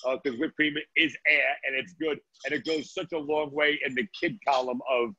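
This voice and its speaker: A man from Brooklyn, a chef, talking on a video call from his restaurant. His voice sits a little high for a man, and he rambles warmly through stories with plenty of "uh"s and "right?"s. The sound is dry and dull, like lo-fi call audio. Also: fairly even intonation, normal speed, no room sound. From Brooklyn, New York. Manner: chatty storyteller, many "uh"s and "right?". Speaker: guest chef. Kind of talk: casual video-call chat.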